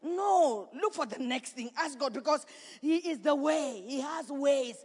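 A woman pastor preaching a sermon in a church, building to shouts and repeating her points. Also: high voice, expressive, unhurried. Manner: preaching with rising shouts and repetition. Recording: reverberant church hall.

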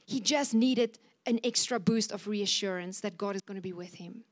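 A woman's voice: mid-range voice, normal speed. A woman preaching a sermon in a church service, fervent and exhorting, acting out scripture quotes with a raised voice.

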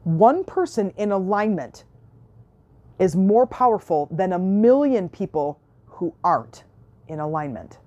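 A woman's voice: mid-range voice, lively intonation, unhurried, dark tone, lo-fi sound. A woman coach giving a motivational self-help talk, emphatic, repeating key phrases and acting out the questions people ask her.

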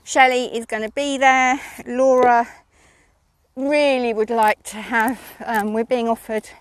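Horse lady rambling about her ponies, lots of ums and giggles, slightly high voice. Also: steady tone, measured pace, no room sound. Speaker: horse owner vlogger. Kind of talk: casual chat.

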